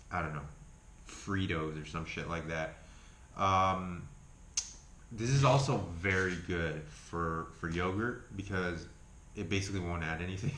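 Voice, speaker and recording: Casual male vlogger, Argentine accent, very low voice, loose and profane, echoey room with faint hiss. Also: fairly bright tone. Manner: rambling, swears freely, self-correcting. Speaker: health food vlogger. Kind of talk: casual chat review.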